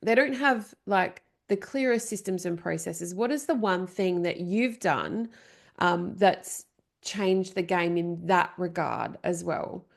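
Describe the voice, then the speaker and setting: A woman's voice: lowish voice, takes it slowly, gravelly. A woman hosting a podcast, affirming her guest and asking loose, wordy questions. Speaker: podcast host. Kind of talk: casual interview chat.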